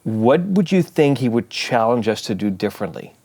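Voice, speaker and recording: A man's voice: mid-range voice, very animated, moderate pace, a little mellow. A middle-aged man hosting a church talk show in casual chat, playful and fond of wordplay while asking questions. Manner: playful and joking, loves wordplay.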